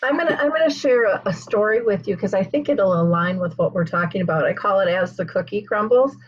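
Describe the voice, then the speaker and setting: A woman hosts an interview and tells a story with energy, acting out the voices of the people in it. Her voice is a little husky. The recording is dry and slightly muffled. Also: medium pitch, fairly quick, no echo. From United States. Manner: animated storyteller, acts out quoted voices. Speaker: host. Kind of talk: conversational interview, telling a personal story.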